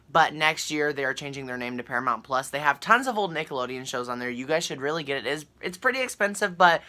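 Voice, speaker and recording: A young woman talks straight to her viewers in a casual vlog, reading out an article and reacting as she goes. Her voice sits low yet sounds bright and forceful, and her chatty delivery is full of fillers and false starts. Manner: chatty, excitable, with frequent fillers and restarts. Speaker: vlogger.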